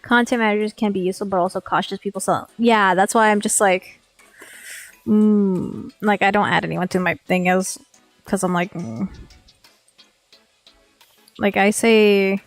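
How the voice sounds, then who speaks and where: A woman's voice: medium pitch, fairly even intonation, measured pace, pauses often, no room sound, faint music behind. A woman VTuber streamer talking casually while she works, rambling, swearing freely and filling her speech with "like". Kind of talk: casual live-stream chat. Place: home streaming setup.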